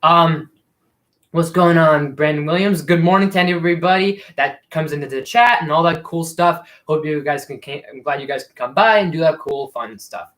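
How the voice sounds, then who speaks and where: A man's voice: on the high side, moderate pace, fairly bright tone. A man hosting a casual live Q&A stream, rambling and self-deprecating with frequent restarts. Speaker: YouTube host.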